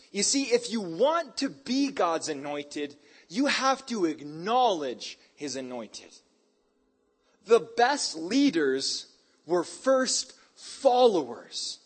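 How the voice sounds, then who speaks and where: A male preacher delivers a sermon as hyper, animated storytelling, blending scripture with casual slang. His slightly husky voice sits a little high, and though he speaks slowly, his pitch jumps all over the place.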